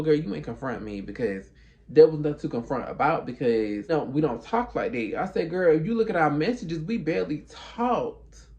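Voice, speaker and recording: Man, higher pitch, gravelly edge; sassy casual storyteller who acts out both sides of talks. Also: darkish tone.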